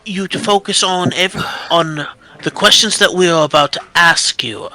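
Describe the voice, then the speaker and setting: A man running a tabletop role-playing game as game master, speaking in a slow, stern way. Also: sits high, bright, forceful tone, poor audio.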